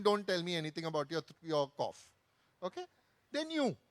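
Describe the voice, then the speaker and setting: A man telling an anecdote on a festival stage, with lively asides in Hindi. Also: high-pitched, no room sound. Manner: animated anecdotal storytelling, mixing in Hindi phrases. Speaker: author on a festival panel. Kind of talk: storytelling talk on stage.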